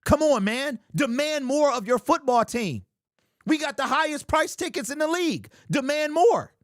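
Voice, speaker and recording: A high-pitched man hosts a fan sports talk stream and reads chat aloud, ranting in an animated and exasperated way. His voice is quite high for a man, and the sound is close and dry, with no room echo. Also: normal speed. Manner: animated, exasperated ranting, keeps saying "bro".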